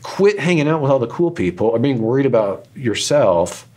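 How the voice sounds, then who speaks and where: A man's voice: mid-range voice, big pitch swings, moderate pace, a little mellow. A man being interviewed, telling candid personal stories in an earnest, self-deprecating, rambling way, emotional at times. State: emotional, choked up in places. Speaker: interview guest, author and radio host.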